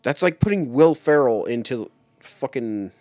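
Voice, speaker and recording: Annoyed young dude griping on a podcast, voice swings up and down a lot, dry close mic. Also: male voice, mid-range voice, lively intonation, a little slow, darkish tone, dry recording. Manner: exasperated, grumbling, swears often. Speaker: podcast co-host. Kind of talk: casual chat.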